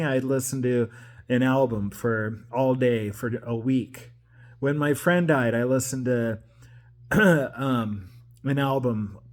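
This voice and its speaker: A man in his forties from the Pacific Northwest, talking to camera in a personal monologue, emotional and rambling, with restarts and repeated phrases. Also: mid-range voice. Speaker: vlogger.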